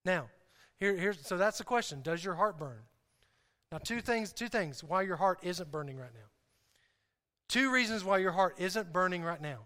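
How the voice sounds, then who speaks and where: A man preaching a sermon to a congregation in an animated, joking way, often repeating himself and restarting. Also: high voice, moderate pace. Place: church hall. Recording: hall reverb.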